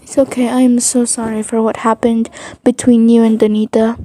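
A woman voicing a gentle, flustered teenage boy who stammers and speaks softly in an audio fan story. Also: on the high side, little pitch movement, moderate pace, a little hiss or hum, lightly acted. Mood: soothing. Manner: stammering, soothing, soft.

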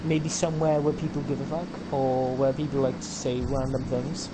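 A man's voice: medium pitch, level tone, moderate pace. A man joking around while playing a video game, rambling through absurd bits and acting out silly dialogue, swearing freely. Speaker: co-player. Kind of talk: casual gaming banter. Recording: noisy game audio behind voice.

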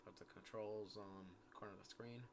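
A man's voice: lowish voice, steady tone, fairly quick, noisy background. A young man chatting casually while playing a game, rambling with lots of "yeah" and "like" fillers. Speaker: gameplay commentator. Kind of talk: casual gaming chat.

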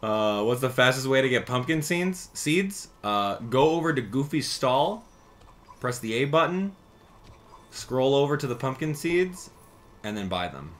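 Bright-voiced joking male game streamer. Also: medium pitch, expressive. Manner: joking, teasing chat, quick mood swings. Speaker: gaming streamer. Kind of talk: casual live-stream commentary.

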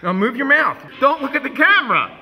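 Brash high-voiced director with a sharp edge. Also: male voice, very animated, fairly quick, big-room sound. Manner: brash, profane, mock-dramatic coaching. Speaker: music video director. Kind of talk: shouting directions to actors on set. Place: large film set.

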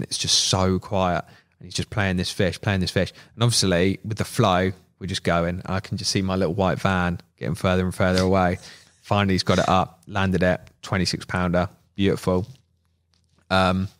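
Lively man telling a fishing story. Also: fairly low pitch, a little fast. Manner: animated, laughing, acts out quotes. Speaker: podcast guest. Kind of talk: casual storytelling.

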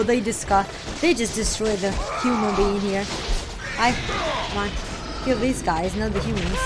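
A woman playing a video game, reacting excitably and cheering on the character. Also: mid-range voice, measured pace, poor audio. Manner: excitable, exclaiming, talks to the character. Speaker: gamer streamer. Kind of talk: live gameplay reactions. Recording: voice over loud game music.

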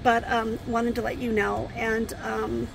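A grieving woman vlogging from inside her RV, speaking haltingly with many pauses and fillers. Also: a little high, little pitch movement, creaky, slight background noise, low-quality recording. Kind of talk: casual talk to camera.

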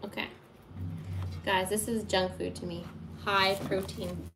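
A woman's voice: medium pitch, little pitch movement, unhurried. A woman hosting a casual baking livestream from her home kitchen, chatting and laughing at herself as she works. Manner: chatty, laughing, self-deprecating. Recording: noisy kitchen clatter. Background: clattering dishes, pots and pans.

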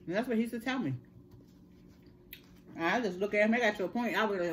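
A woman's voice: on the low side, fast, slight background noise. Chatty middle-aged woman telling her story. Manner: chatty, earnest storytelling, addresses viewers as y'all. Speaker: mukbang vlogger. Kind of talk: casual chat to viewers.

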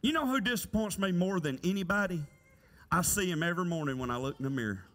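High, bright-voiced preacher. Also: male voice, animated, fast. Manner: folksy, conversational preaching with rhetorical questions. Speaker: pastor. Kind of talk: sermon. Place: church sanctuary. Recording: church hall reverb.

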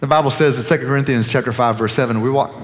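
A man preaching a sermon as pastor, animated and joking with the congregation, often restarting his sentences. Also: mid-range voice, rapid-fire, long reverb tail.

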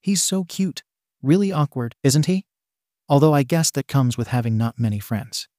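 A bubbly teenage girl who loves to tease her friends, read by a man in his own mid-pitched voice. The sound is close and completely dry, with no room around it. She comes across light and playful in a storybook telling. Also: expressive, normal speed, warm tone, no room sound, natural voice. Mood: teasing. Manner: bubbly, teasing. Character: cheerful teasing teenage girl.

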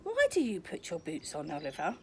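A woman voicing a patient, gentle mother otter who sighs, in a children's storybook reading. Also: fairly low pitch, wildly swooping pitch, a little fast, a little hiss or hum, voice pushed down. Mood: fretful. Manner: gentle, sighing.

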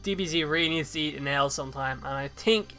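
A man with a high, very bright voice rambles casually through a podcast discussion, full of fillers and quick laughs. Faint music sits behind him. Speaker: podcast host. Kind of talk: casual chat.

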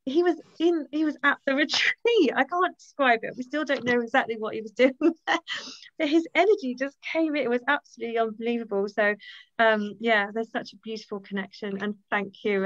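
A woman's voice: on the high side, fairly quick, no echo, highs cut off. A woman hosting her own book launch on a video call, thanking a friend and reading aloud from her book in a gushing, grateful manner. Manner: gushing and grateful, laughs easily.

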